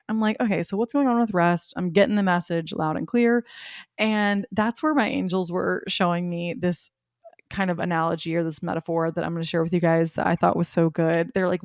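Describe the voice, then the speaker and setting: Chatty upbeat woman, low voice, dry sound. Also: no echo. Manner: chatty, upbeat, laughs often, animated quoting. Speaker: spiritual podcast host. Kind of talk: casual chat.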